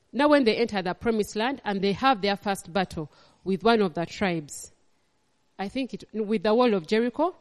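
A woman's voice: a little high, darkish tone, big-room sound. A woman pastor with a Ugandan accent preaching a sermon, emphatic and repeating her phrases.

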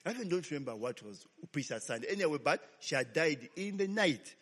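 This pastor's sermon story comes in a slightly high, expressive voice, brisk and a little bright with a breathy edge. He asks "okay?" after almost every line in call-and-response style, and the sound carries a long hall reverb.

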